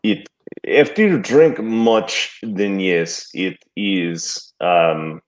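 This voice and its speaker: A deadpan Russian suitor, played by a man putting on the accent, speaking in a very deep voice at a slow, halting pace. He stumbles over simple answers with a flat, dim calm. It is an improv comedy scene. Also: full character voice. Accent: put-on Russian.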